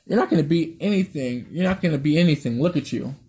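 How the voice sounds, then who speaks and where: Cocky mocking young man, as a man reads him, story reading, mellow. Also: a little high, quick pace, breathy edge. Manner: smug, insulting.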